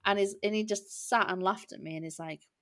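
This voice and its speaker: A woman's voice: medium pitch, fairly even intonation. A woman in her late thirties, co-hosting a podcast and telling everyday stories in a chatty way. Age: 30s. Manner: chatty storytelling, quick laughs. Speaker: podcast co-host. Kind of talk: casual chat.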